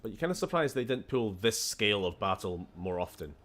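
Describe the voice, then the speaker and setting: A man's voice: lowish voice, big pitch swings, brisk, noisy background. A man with a Scottish accent chatting casually and swearing while streaming a game. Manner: chatty, swears, laughs often, shifts tone a lot. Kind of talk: casual gameplay commentary.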